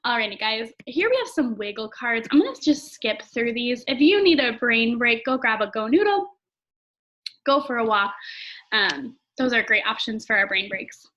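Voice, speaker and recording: Woman, elementary teacher, slightly high voice, chatty classroom manner, stretches out words for kids. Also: very animated, fairly bright tone, lo-fi sound. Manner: friendly, chatty teacher talk with drawn-out example words. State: throat tickle, clears throat often. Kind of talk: recorded phonics lesson for young children.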